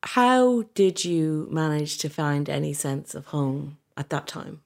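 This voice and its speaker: A woman with a low voice conducts an interview. She asks gentle, probing questions. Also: expressive, takes it slowly, creaky. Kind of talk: interview conversation.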